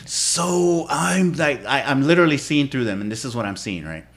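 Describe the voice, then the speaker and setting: A man's voice: mid-range voice, animated, normal speed, a bit bright. A man co-hosting a podcast, telling a wild story in casual chat with slang and swearing. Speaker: podcast co-host.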